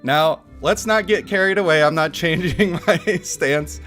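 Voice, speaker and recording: A man streaming a mobile game from his home setup, chatting casually, getting excited and laughing often, into a desk microphone. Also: a little high, measured pace, soft background music. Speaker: gaming streamer. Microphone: desk microphone picking up chair rumble.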